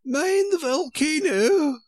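A man's voice: animated, no echo, heavily acted. A man doing a shrieking, frantic chess queen. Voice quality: high strained falsetto, drawn-out cries. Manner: breathless and fussing. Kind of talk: storybook reading.

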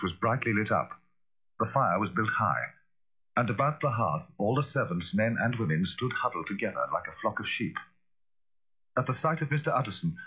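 A male narrator with a low, husky voice reads a classic story aloud. His delivery is dramatic and swings widely in pitch. The sound is dull and lo-fi. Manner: dramatic, expressive reading. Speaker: audiobook narrator. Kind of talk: scripted narration. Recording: dull lo-fi recording.

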